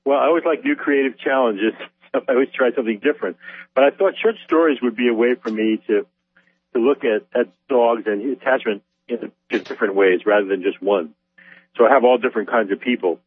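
Brief: male author guest, husky voice, thin phone-line sound, dry. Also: medium pitch, a little fast, no room sound. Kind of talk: interview answers. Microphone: phone call.

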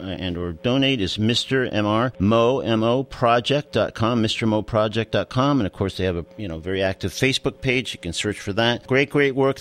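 A man hosting a radio talk show, speaking in a conversational, hesitant way as he searches for words, and reading the news aloud. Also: medium pitch. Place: radio studio.

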